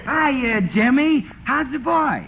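A man in 1940s radio comedy as the show's announcer, brash, booming and salesman-like. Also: takes it slowly, vocal fry. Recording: muffled old radio broadcast with hiss.

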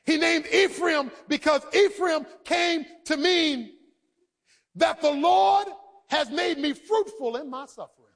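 A man preaching a sermon. He drops to quiet asides and then builds to shouted emphasis, acting out quoted voices. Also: very high-pitched, slow pace, creaky. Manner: dramatic, acts out quoted speech.

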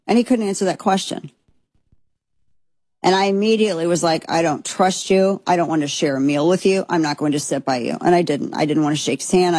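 A woman's voice: lowish voice, a little mellow, breathy edge, no room sound. A woman giving blunt, heated commentary, recounting a trip in a casual way. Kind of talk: opinionated commentary.

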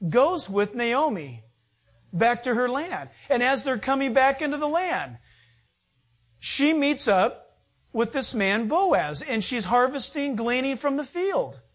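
Conversational preacher telling a Bible story. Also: medium pitch. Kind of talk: sermon.

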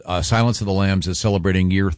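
A man's voice: low voice, fairly even intonation, fast, a little mellow, smooth, no echo. A man hosting a radio show, telling self-mocking stories with laughs in casual studio banter.

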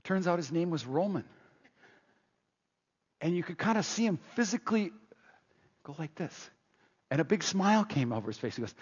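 A man preaching a sermon, telling a story in a chatty way with restarts, and rising loud on points of emphasis. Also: a little high, expressive, fairly quick, pauses often, husky. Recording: dull echoey hall.

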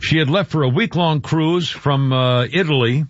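A radio talk host, a man, chats along in a loose, rambling way, tripping over words and circling back. His voice sits a little high. The sound is dry and a bit muffled, like a studio mic on air. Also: moderate pace, dry recording. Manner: rambling, stumbling over words, chuckling asides. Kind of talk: casual rambling chat.

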